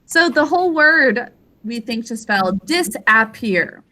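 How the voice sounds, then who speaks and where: A woman teaching a spelling lesson to children over a video call, sounding out each syllable slowly and deliberately. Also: sits high, animated, pushed and bright.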